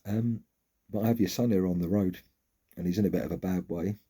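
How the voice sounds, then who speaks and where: A man doing a polite, calm passer-by on the phone. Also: deep voice, a little fast, slightly rough. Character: polite male passer-by phoning a mother.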